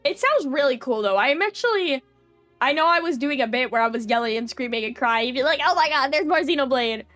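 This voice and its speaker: Giggly young woman streamer, bright-pitched. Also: animated, quick pace, no room sound, soft background music. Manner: rambling, filler-heavy, giggly. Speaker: VTuber streamer. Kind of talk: casual live-stream chat.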